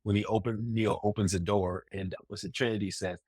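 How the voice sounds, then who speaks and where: A man's voice: lowish voice, steady tone, brisk, a little mellow, breathy edge, dry recording, clean studio sound. A man co-hosting a podcast in casual chat, reflective and rambling, laughing often. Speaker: podcast co-host.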